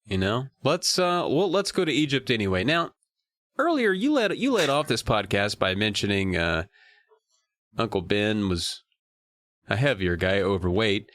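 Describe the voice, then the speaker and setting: A man co-hosting a casual podcast about a kids' horror book, jokey and animated, his voice jumping high for emphasis. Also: moderate pace, no room sound. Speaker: podcast co-host. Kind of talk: casual book-club chat.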